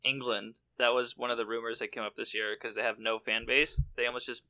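A man's voice: mid-range voice, little pitch movement, fairly quick, pushed and bright. A young man co-hosting a casual podcast who speaks bluntly and gives strong opinions. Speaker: podcast co-host. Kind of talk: casual chat.

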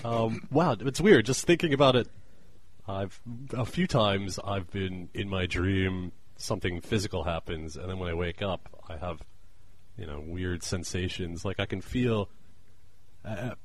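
A man's voice: low-pitched, a little slow. A man co-hosting a casual comedic podcast, telling stories with lots of laughter. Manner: laughing, animated storytelling. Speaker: podcast co-host.

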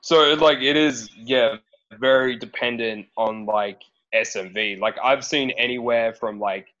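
A man's voice: mid-range voice, a little slow, bright, forceful tone. An Australian man talking casually as a podcast guest, laid-back, swearing and hedging with lots of fillers. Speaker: guest, dating profile coach. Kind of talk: casual chat. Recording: dull lo-fi sound.

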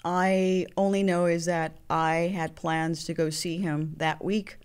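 A woman speaking as an interview guest, in an earnest, halting way, with restarts as she gathers her thoughts. Her voice sits a little low for a woman, and she tells her story in a heartfelt, personal tone. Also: steady tone, smooth. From Mexican heritage.

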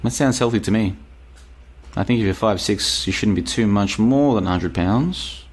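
A man's voice: lowish voice, normal speed, slightly rough. A man with an Australian accent hosting a casual live stream, reading out chat messages and answering them in a rambling, emphatic way that repeats itself. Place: apartment in Bulgaria.

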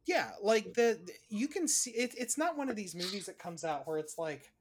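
A co-host in a casual movie podcast, talking in an animated way, swearing and piling up examples. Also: mid-range voice, moderate pace. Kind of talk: casual chat reviewing movies.

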